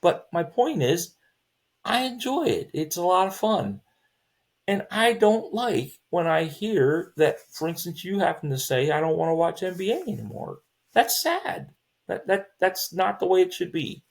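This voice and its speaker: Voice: mid-range voice, animated, measured pace, gravelly. A podcast host in a casual sports chat, rambling with many restarts, opinionated and exasperated. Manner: rambling, with frequent restarts and fillers.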